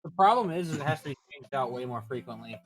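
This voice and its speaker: A man's voice: mid-range voice, animated, quick pace, low-quality recording. A man running a tabletop game over voice chat, wry as he herds his players along. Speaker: game master.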